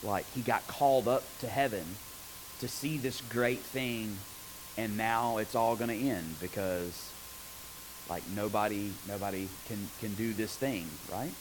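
A man preaching a conversational sermon on scripture, animated and often asking his listeners rhetorical questions. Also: fairly low pitch, unhurried, noisy background.

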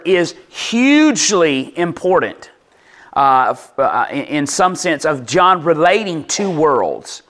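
A man delivering a sermon as a conversational teaching talk. His voice sits a little high for a man. He restarts and repeats words as he explains, and keeps asking whether his listeners are still with him. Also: a bit bright. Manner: conversational, checks in with listeners often. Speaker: pastor.

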